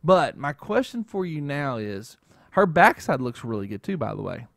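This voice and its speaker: Host type: male, slightly high voice, rambling and chatty, dry close mic. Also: sing-song, normal speed, vocal fry, fairly bright tone, dry recording. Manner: rambling, keeps adding "okay?". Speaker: show host. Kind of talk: casual chat.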